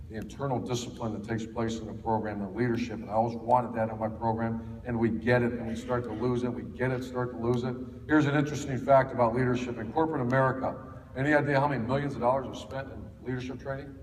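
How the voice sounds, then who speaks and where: A middle-aged football coach from Ohio tells folksy stories to a clinic audience, full of fillers and restarts. His mid-range, darkish voice moves at a fast clip in a level tone. He's recorded from a distance in an echoey hall, with faint ambience and slight background noise.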